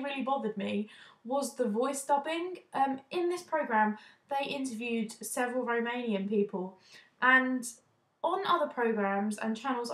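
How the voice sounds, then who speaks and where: Young woman from the UK, fairly high voice, indignant casual rant, echoey room. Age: young adult. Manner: indignant, fast, restarts often. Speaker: vlogger. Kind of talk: opinion vlog, casual rant.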